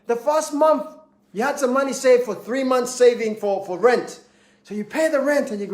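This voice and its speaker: Brief: man giving an emphatic motivational talk, high voice, repeats points, roomy echo. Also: normal speed. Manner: emphatic, repeats key points, acts out little scenes. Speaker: motivational speaker. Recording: echoey room.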